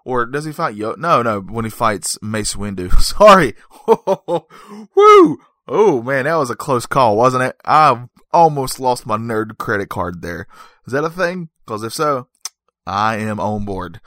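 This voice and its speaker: A man's voice: mid-range voice, lively intonation, normal speed, fairly bright tone, dry recording. Joking rambling man, dry sound. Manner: joking, rambling, self-correcting asides. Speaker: movie reviewer. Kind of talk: casual comedic monologue.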